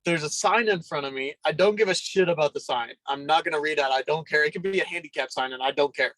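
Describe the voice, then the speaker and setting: A young man as a podcast guest, telling a story in a rambling, casual way full of fillers and throat clearing. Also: on the high side, fast talker, a bit bright, no echo, rough recording.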